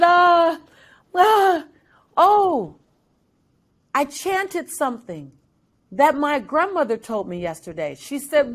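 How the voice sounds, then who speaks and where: Brief: middle-aged woman, storyteller, slightly high voice, acts out voices with big dramatic swings. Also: expressive, measured pace, a bit bright. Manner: acts out voices of family and coach in her story. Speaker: guest speaker. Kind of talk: animated personal storytelling.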